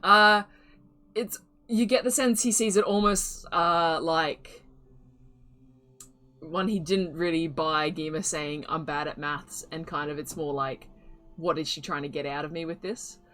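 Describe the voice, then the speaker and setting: A woman's voice: deep voice, steady tone, measured pace, a bit bright, soft background music. A woman narrating as game master of a tabletop game, describing scenes loosely with many fillers and asides.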